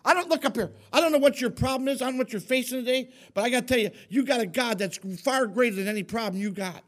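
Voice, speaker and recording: Brief: male pastor with a high, sharp voice, preaching with emphatic repetition. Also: fast. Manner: emphatic, repetitive, asks the congregation questions. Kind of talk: sermon. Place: church.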